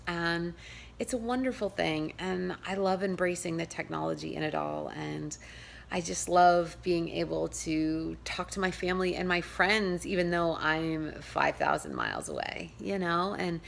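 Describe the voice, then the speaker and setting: A woman's voice: lowish voice, vocal fry, a bit bright, a little hiss or hum. A woman with a New York accent hosting a pagan channel, chatting in a rambling, casual vlog style and laughing often.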